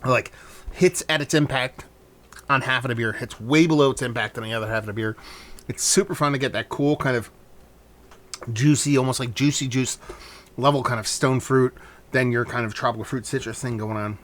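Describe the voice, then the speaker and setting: A man's voice: medium pitch, fairly even intonation, a little fast, fairly bright tone. A man casually reviewing a hazy beer on his vlog, talking loosely with rambling asides and frequent swearing.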